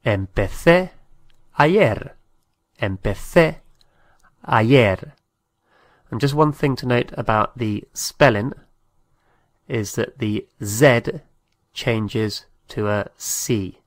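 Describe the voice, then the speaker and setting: A man gives a language lesson, pronouncing each phrase slowly and repeating it, now and then spelling words out letter by letter. His voice is mid-range and the sound has no echo.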